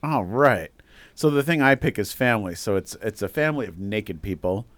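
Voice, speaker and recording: A man's voice: fairly low pitch, lively intonation, normal speed, fairly bright tone. A man co-hosting a casual chat about art, wry and dry, often restarting his sentences.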